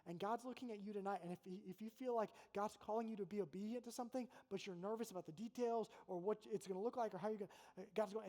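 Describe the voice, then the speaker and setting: A man's voice: high voice, fast, mellow. A man, a college pastor, preaching a sermon in a large hall with an earnest, conversational manner and repeated phrases. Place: large hall with an audience in Oxford. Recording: echoey hall with faint hum.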